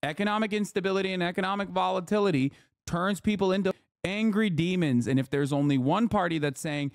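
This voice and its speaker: Streamer, male, 30s; fiery political rant, slightly high voice, dry close sound. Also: brisk, dry recording. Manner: impassioned, ranting, with sarcastic voiced asides. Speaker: streamer reacting to news. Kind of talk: heated political commentary.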